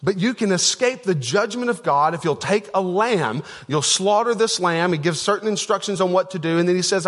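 A man's voice: high-pitched, animated, moderate pace, hardly any pauses, fairly bright tone. A man preaching a casual, conversational sermon as a pastor, telling a story with many fillers and restarts. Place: church auditorium. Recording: long church-hall reverb.

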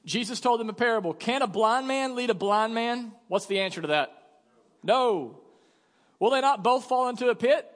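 Animated young male pastor, reverberant hall. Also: very high voice, moderate pace. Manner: animated, jokey storyteller, acts out dialogue. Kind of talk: sermon with storytelling. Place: church hall. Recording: long church reverb.

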